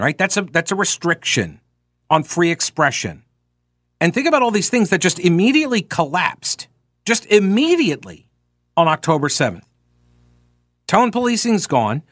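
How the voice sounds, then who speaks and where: A man's voice: sits high, a bit bright, no room sound, clean studio sound. A man hosting talk radio, talking casually and reading quoted passages with sarcastic asides.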